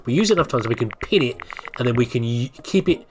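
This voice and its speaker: A man's voice: medium pitch, animated, fast talker, slight background noise. A man hosting a gameplay video, chatting casually and rambling through his commentary with frequent laughs. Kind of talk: casual let's-play commentary.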